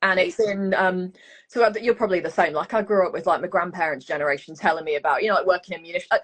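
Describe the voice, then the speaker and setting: Fast-talking woman with a Leicester accent. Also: lowish voice. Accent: Leicester English. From England. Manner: chatty, swears freely, lots of "like" and "you know". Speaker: guest author. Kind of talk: casual video call chat. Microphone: video call.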